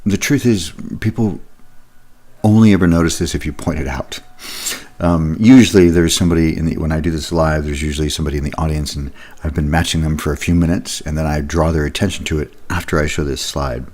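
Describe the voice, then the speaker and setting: A man's voice: a bass voice, steady tone, a little fast, darkish tone. A man giving a recorded leadership lesson, explaining exercises in a conversational way with occasional fillers. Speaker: leadership trainer.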